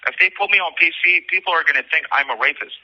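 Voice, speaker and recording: A man's voice: fairly high pitch, rapid-fire. Agitated man on a muffled jail phone line. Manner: agitated, rambling, swearing. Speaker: jail inmate on a recorded call. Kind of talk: emotional personal account.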